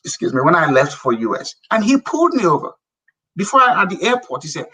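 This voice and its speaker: A middle-aged Nigerian man with a Nigerian accent talks in an interview, blunt and animated. His voice sits fairly high and sounds forceful and bright. He is picked up from a little way off the mic. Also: quick pace, breathy edge, recorded from a distance, poor audio. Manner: blunt, emphatic, animated storyteller. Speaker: guest, businessman. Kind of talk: interview conversation.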